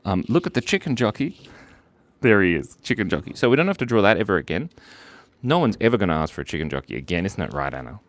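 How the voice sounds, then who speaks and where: A man's voice: low voice, very animated, fast talker, no room sound. A playful man chatting casually while drawing on a live stream, reading out viewers' requests.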